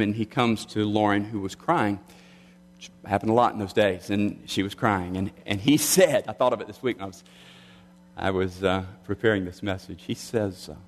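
A middle-aged pastor, medium in pitch, preaches a sermon with earnest delivery. On key lines he slows down and drops his voice quiet.

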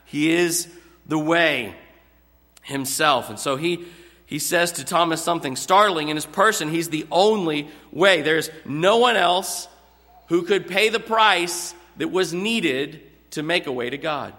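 A man's voice: fairly high pitch, a little slow, bright, forceful tone. A man preaching a sermon, explaining scripture earnestly and stretching out key words for emphasis. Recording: long hall reverb.

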